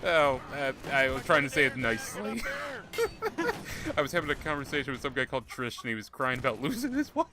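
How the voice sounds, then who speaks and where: A man's voice: mid-range voice, huge pitch swings, fairly quick. Joking male gaming streamer. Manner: joking, laughs often, talks over others. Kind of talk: casual gaming chat.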